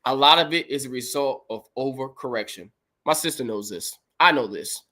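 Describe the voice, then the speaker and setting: A man's voice: mid-range voice, normal speed, sharp tone. A man hosting a livestream, reading Bible verses aloud and commenting on them in an emphatic, preachy way. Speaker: podcast host.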